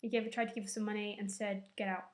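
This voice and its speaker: A woman's voice: mid-range voice, flat delivery, rapid-fire, a little mellow. A young woman rambling through a casual recap to camera, with loose fillers and a bit of swearing. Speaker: vlogger.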